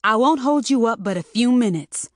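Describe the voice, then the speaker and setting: A woman's voice: on the high side, animated, normal speed, no echo, studio quality, voice pushed up, lightly acted. A woman voicing a worried, determined mother who speaks sharply and insistently. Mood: urgent.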